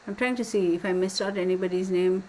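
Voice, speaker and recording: A woman signs off her live stream from home, chatty and easygoing, thanking viewers by name. She talks at a middling pitch into a desk mic, with a faint hum of the room behind her. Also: fairly even intonation, fast, darkish tone, low-quality recording. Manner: chatty, affectionate, laughs often, baby talk to her dog. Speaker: tarot live stream host. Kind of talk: casual live stream sign-off.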